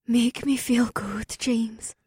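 A man voicing a breathless, eager young woman lover with a breathy voice and a pleading, often whispered manner, reading a storybook. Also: very high-pitched, fairly even intonation, slow, darkish tone, dry recording, studio quality, pitched above the performer's own voice, heavily acted.

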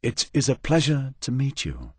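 A man's voice: mid-range voice, wildly swooping pitch, normal speed, slightly rough, no room sound, voice pushed up. A man voicing a graceful female robot envoy with a lustrous, melodic voice and formal, courteous speech.

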